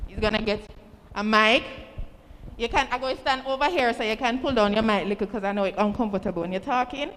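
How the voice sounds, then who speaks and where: A woman with a Jamaican accent hosting a student event, energetic and teasing, calling for responses from the crowd. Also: a little high. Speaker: event host. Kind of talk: motivational address to students. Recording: reverberant hall, faint ambient noise.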